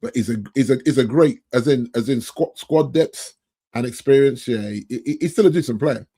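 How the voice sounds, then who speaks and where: A man's voice: medium pitch, normal speed, dark tone, slightly rough. A man talking as a guest on a casual football podcast, easygoing, often restarting his sentences.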